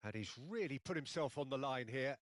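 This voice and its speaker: A man giving play-by-play football commentary in a video game, building up excitedly and shouting at goals and shots. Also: mid-range voice, a little fast, no echo.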